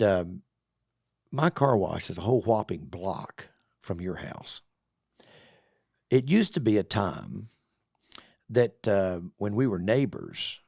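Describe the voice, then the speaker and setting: A man's voice: lowish voice, creaky, darkish tone, slightly rough, no room sound, clean studio sound. A middle-aged man, a car wash owner telling a story on a podcast and acting out both sides of the conversation. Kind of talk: casual storytelling interview.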